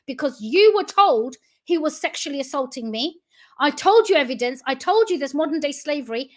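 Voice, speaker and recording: A woman giving an emotional, accusatory livestream address to her family. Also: high-pitched. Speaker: company founder addressing family online.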